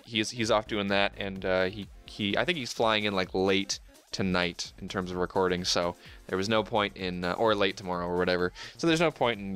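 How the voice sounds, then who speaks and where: A man's voice: sits low, fairly bright tone, clean tone. A young man hosting a casual podcast, joking and rambling with lots of fillers. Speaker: podcast host. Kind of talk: casual chat.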